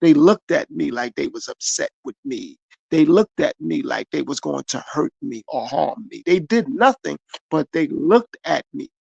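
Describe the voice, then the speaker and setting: A man's voice: on the high side, expressive, normal speed, gravelly, a little mellow, slightly rough, no echo, dull audio. A middle-aged man from the United States, talking earnestly and repetitively about his own life in a motivational podcast monologue. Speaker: podcast host.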